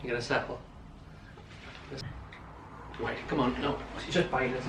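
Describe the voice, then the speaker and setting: A man speaking low and firmly to a dog, off to the side in a home living room. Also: steady tone, normal speed. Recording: distant, echoey room sound with noise.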